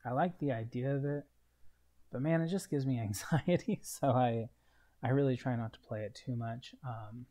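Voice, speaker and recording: A man talks through a game he is playing, in an easygoing, rambling way full of fillers. His voice sits in a middle pitch with a warm, mellow tone. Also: normal speed. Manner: relaxed, rambling, many fillers. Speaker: gaming channel host. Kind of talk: casual let's-play commentary.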